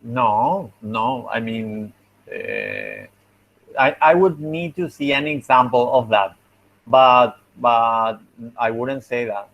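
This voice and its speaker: A young man teaching phonetics in English with a Spanish accent. He speaks slowly and patiently at a middle pitch, repeating each example word. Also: big pitch swings, gravelly, dull audio. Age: young adult. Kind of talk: online class feedback.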